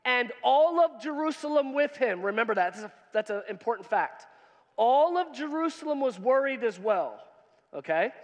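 A man preaching a sermon to his congregation in a casual, joking way, quizzing them and reading scripture. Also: extremely high pitch. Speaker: pastor. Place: church hall. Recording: long reverb in a church hall.

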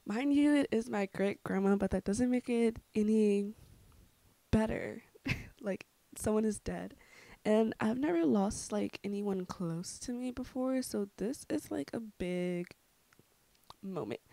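A young woman vlogger telling a casual story, chatty and full of fillers, with dark jokes. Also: medium pitch, unhurried, gravelly, dry recording. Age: young adult. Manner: chatty, filler-heavy, darkly joking.

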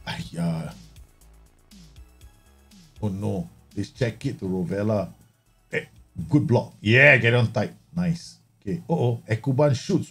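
A man streaming a football management game, chatting casually and joking, swearing now and then, and breaking into loud mock match commentary. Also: on the low side, slow pace, pauses often, slightly rough, faint music behind. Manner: excitable, jokey, swears, bursts into mock match-commentator shouts.

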